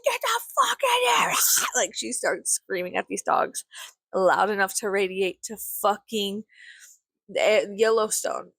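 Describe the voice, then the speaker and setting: Young woman vlogger, gravelly and dry, swearing and sarcastic. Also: mid-range voice, no echo. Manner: profane, sarcastic, exasperated. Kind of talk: ranting casual monologue.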